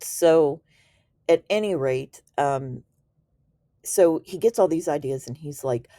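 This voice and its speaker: A woman's voice: low voice, takes it slowly, mellow, no echo, clean studio sound. A woman telling a story in a casual, slangy and enthusiastic way, laughing now and then as she explains. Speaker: Reiki teacher.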